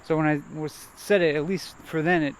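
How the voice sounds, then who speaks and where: A man vlogging as he walks a nature trail, thinking aloud in a halting, hesitant way and repeating words. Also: fairly high pitch, steady tone. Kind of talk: rambling self-reflective monologue while walking. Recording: faint outdoor noise.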